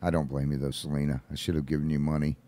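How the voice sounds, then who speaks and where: Man, very low voice, casual radio co-host, animated storyteller. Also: rapid-fire, over a noisy crowd. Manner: animated storytelling, acts out quotes.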